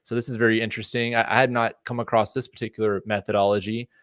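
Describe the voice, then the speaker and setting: A man's voice: on the low side, level tone, fast, fairly bright tone, dry recording, clean studio sound. A man co-hosting a podcast, giving passionate, rambling warnings with lots of fillers. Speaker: podcast co-host. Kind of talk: casual podcast chat.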